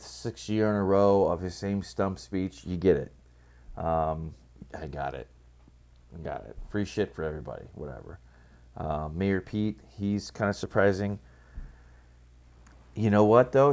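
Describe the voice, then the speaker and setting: A man's voice: deep voice, a little mellow. A man giving casual, rambling political commentary, blunt and profane, full of fillers and restarts.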